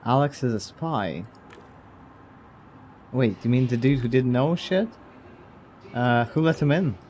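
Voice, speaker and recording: A man's voice: medium pitch, measured pace, a little mellow, slight background noise. Wry, blunt male game streamer. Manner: wry, blunt, swears casually, chuckles at the game. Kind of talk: casual let's-play commentary.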